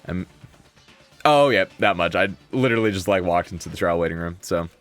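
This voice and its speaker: A man's voice: deep voice, fairly quick. A young man streaming a visual novel, chatting playfully in slang and reading the game's text aloud. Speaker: game streamer. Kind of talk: casual let's-play chat, reading game text aloud. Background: faint game music.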